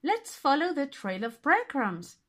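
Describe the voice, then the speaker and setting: A woman voicing a clever young boy in a storybook reading, calm and reassuring. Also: high-pitched, a little slow, pitched above the performer's own voice, heavily acted.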